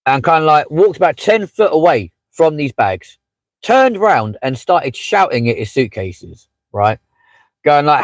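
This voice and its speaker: A man's voice: a little high, wildly swooping pitch, measured pace, no room sound, rough recording. A man hosting a casual live stream from inside a parked car, chatting with many fillers and asides as he reads out viewer comments. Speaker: livestream host.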